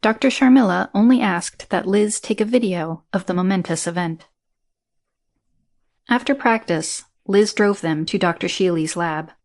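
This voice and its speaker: A woman narrating a science fiction audiobook in a measured, even manner. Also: medium pitch.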